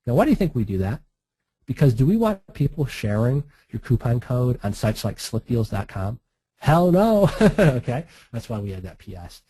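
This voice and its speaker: A man's voice: mid-range voice, very animated, moderate pace, dark tone, slightly rough, no room sound, poor audio. A man walking through a screen-share marketing tutorial in a chatty, breezy way, with frequent laughs and asides. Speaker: online marketing instructor.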